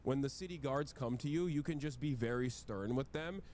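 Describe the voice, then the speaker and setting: A man in a played stream clip, explaining his view in a halting, lecturing way. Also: medium pitch, darkish tone, a little hiss or hum. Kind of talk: explaining, casual.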